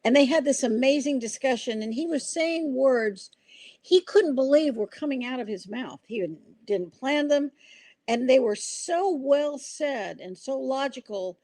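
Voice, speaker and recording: A woman's voice: high voice, expressive, a little slow, a little mellow, dry recording. Older woman host, earnest storyteller. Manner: earnest storytelling, rambling with restarts. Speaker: podcast host. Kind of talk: casual podcast conversation.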